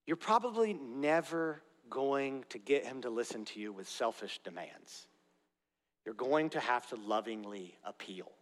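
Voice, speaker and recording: A man's voice: medium pitch, animated, measured pace. Earnest preaching man in a reverberant hall. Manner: earnest preaching with conversational asides. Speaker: pastor. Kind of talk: sermon. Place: church sanctuary. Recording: long reverb of a large hall.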